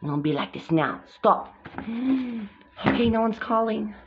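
A woman's voice: fairly high pitch, expressive, takes it slowly, slight background noise. Frantic woman voicing several girls. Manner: exclaiming and frantic, swings between shouts and mutters. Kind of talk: hobby drama, voicing several girl characters. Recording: dull lo-fi recording with music behind.

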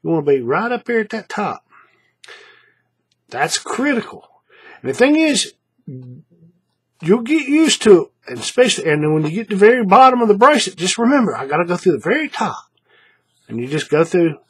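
Teaching how to make a paracord bracelet, a man walks viewers through a hands-on tutorial in a fairly bright, high-leaning voice with a breathy edge. He's chatty, repeats the steps, and keeps checking in with "right?"

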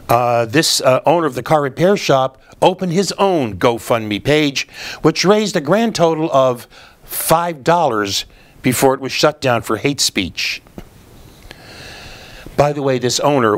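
A man hosting a political commentary show, delivering scripted remarks in a sardonic, explanatory way with frequent filler words. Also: medium pitch.

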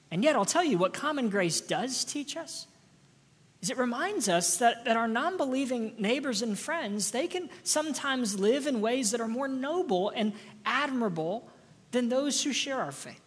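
A woman's voice: fairly high pitch, slightly rough. A woman pastor preaching a sermon in a church, earnest, often repeating words as she builds a point. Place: church sanctuary. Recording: long reverb of a church hall.

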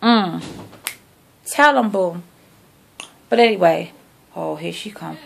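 Gravelly-voiced chatty woman vlogger. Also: fairly low pitch, takes it slowly. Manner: chatty, sassy, talks to viewers like friends. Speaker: vlogger showing a shopping haul. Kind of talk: casual chat to camera. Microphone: phone camera.

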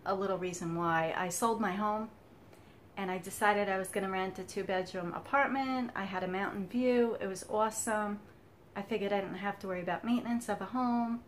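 A woman's voice: mid-range voice, a little hiss or hum. A woman in her fifties talking candidly to camera as a cross stitch vlogger, telling a personal story and laughing often. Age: 50s.

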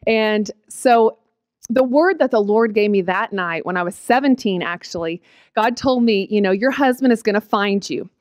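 A woman's voice: medium pitch, moderate pace, no room sound. A woman from in her late thirties, sharing a personal testimony with a chatty, emotional manner full of fillers. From Oklahoma panhandle, USA. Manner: emotional, tearful at times, chatty with many fillers. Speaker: guest speaker.

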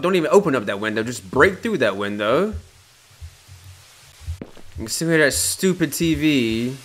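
A young man giving casual commentary on a horror game, loud, jumpy and swearing, taunting the monster and then panicking. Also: medium pitch. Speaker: gameplay streamer.

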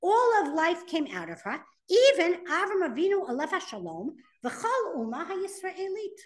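A woman's voice: very high-pitched, moderate pace. A woman teaching a class, reading sources aloud and translating them as she explains. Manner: animated, reads Hebrew text then translates. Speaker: Torah teacher. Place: classroom with students.

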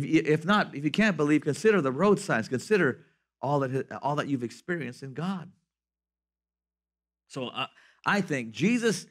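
Animated man preaching a sermon. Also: fairly high pitch. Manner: animated, swings from loud to soft. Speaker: pastor.

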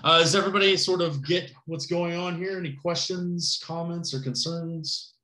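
A man's voice: on the high side, fairly even intonation, moderate pace, bright, forceful tone, reverberant. A man teaching a college class, speaking casually with many fillers, frequent "right?" checks and joking asides. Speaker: college instructor. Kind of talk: recorded class lecture.

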